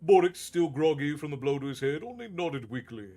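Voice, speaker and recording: A man telling a fantasy story as a steady, measured storyteller. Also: fairly high pitch. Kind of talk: reading a fantasy novel aloud. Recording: faint background music.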